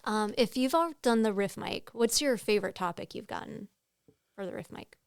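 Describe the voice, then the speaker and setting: A woman's voice: mid-range voice, animated, normal speed, gravelly, clean tone, dry recording, clean studio sound. A woman comedian guest talking casually and filling her speech with "like.". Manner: casual, lots of "like". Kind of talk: casual chat.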